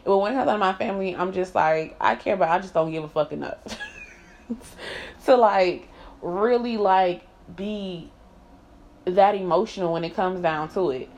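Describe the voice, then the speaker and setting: A woman's voice: mid-range voice, a little slow, darkish tone. A woman talking candidly and emphatically to camera in a personal vlog, swearing freely and laughing often. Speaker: vlogger. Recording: slightly dull lo-fi sound.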